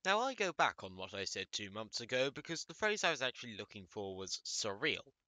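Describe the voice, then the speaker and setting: A man's voice: fairly low pitch, very animated, a little fast, bright, forceful tone, no room sound. A man narrating an anime video essay, with crude, wry humor. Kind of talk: scripted comedic commentary.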